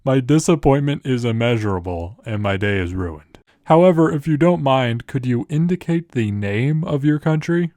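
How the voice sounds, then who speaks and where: A man's voice: mid-range voice, animated, moderate pace, hardly any pauses, darkish tone, no echo, clean studio sound, close to an everyday voice. A man voicing a pompous, formal elderly British statesman who talks down to people. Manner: formal and condescending.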